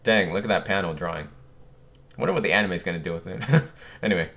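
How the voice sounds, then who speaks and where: Young male reaction host, reads under his breath, then blurts out excited reactions. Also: low voice, a little fast, vocal fry. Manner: muttered reading breaking into loud surprised exclamations. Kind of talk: reading aloud and reacting.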